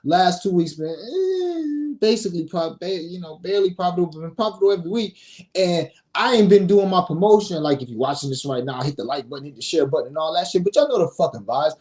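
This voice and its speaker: A man's voice: fairly high pitch, fast, a little mellow. A man hosting a sports betting show, reading picks in a brash, profane, casual way and scolding his viewers.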